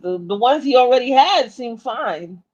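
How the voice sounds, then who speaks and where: A woman chatting as co-host in an animated way, stumbling over her words and starting again. Her voice rides up and down through a lively melodic range. The recording is muffled and low-fidelity, with the top end missing. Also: normal speed. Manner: animated, laughing, repeats words and restarts. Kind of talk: casual chat. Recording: dull lo-fi sound.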